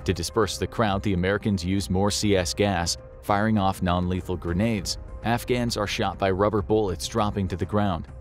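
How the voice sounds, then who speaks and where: A man's voice: deep voice, fairly even intonation, moderate pace, hardly any pauses, faint music behind. A man narrating a scripted documentary in a grave, dramatic storytelling manner.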